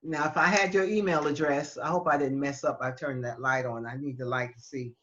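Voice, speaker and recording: A woman's voice: very deep voice, fairly even intonation, fairly bright tone. Patient woman teaching over muffled call. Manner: patient, halting explanations with many restarts. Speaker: Spanish teacher. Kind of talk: online class for seniors.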